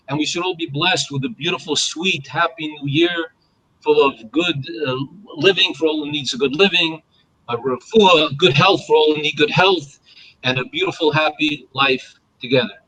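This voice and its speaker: Speaking at a moderate pace in a husky voice on the high side, a storyteller on a live online panel relates a traditional folk tale through poor audio. He acts out each character with animation and ends with a blessing.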